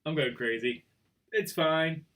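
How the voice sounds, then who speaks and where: Brief: male quiz host, slightly high voice, chatty and self-mocking, stumbles over words. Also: takes it slowly, fairly bright tone. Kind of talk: casual live quiz hosting.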